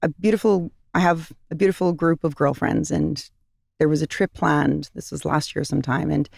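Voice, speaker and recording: A woman's voice: deep voice, fairly even intonation, moderate pace, vocal fry, darkish tone, husky, no echo, studio quality. A middle-aged woman, a company founder and guest, telling personal stories in a heartfelt, earnest way on a podcast, sometimes repeating phrases for emphasis. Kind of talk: podcast interview, personal storytelling.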